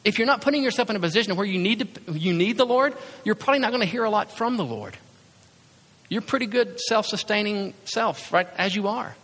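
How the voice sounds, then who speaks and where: Man, pastor, lively sermon, bright voice, echoing hall. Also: sits high, brisk. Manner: animated, conversational preaching with acted-out asides. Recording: reverberant hall sound.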